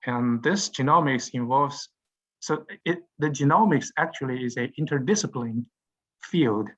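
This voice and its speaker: A man's voice: medium pitch, a bit bright. Hesitant male lecturer, dull lo-fi sound. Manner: halting, frequent "uh" fillers and restarts. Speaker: university lecturer. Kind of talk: classroom lecture.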